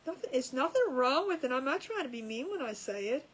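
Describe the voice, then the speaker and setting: A woman's voice: high-pitched, animated, fairly quick, slightly rough, rough recording. A woman chatting casually to viewers while she crafts, laughing often at her own jokes. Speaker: crafting livestream host. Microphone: camera over a crafting table.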